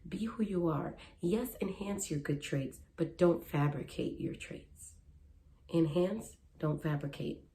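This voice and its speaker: A woman's voice: lowish voice, expressive, unhurried, vocal fry, few pauses, mellow. A young woman who works as a matchmaker, talking earnestly and conversationally in a casual advice vlog, repeating her key points. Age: young adult.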